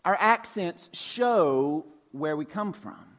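A man's voice: fairly high pitch, animated, slow, a bit bright. A man in his forties from Georgia, preaching a sermon as a pastor in a loose, conversational way with a light Southern accent. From Georgia, USA. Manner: conversational, folksy, with filler words and restarts. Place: church sanctuary.

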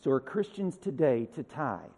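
A man's voice: mid-range voice, sing-song, normal speed, a little mellow, breathy edge, long reverb tail. A male pastor preaching a sermon in a conversational way, with asides and rhetorical questions.

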